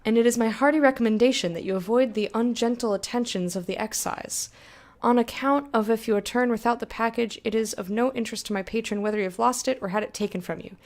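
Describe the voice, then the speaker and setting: Girl reading out a shady polite guy with a knife, flowery talk, fumbling the accent, fairly high voice. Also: fast talker, a little mellow, close to an everyday voice. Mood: sly. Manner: florid, mock-courteous reading with a fumbled accent. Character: menacing male smuggler's go-between, sly and polite.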